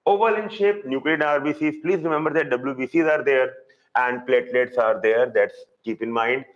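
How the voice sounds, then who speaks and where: A man with an Indian English accent teaching a live online zoology class, repeating key terms slowly for students. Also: mid-range voice, muffled recording.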